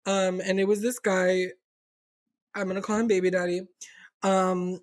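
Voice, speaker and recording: A woman's voice: mid-range voice, flat delivery, measured pace. A young adult woman co-hosting a podcast, telling a candid story in casual chat, rambling and swearing with lots of fillers. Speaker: podcast co-host.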